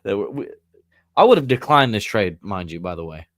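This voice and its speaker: A man's voice: lowish voice, very animated, fairly quick, dry recording, clean studio sound. A man co-hosting a casual sports talk stream, joking around and speaking bluntly in loose slang. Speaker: podcast co-host. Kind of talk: casual chat.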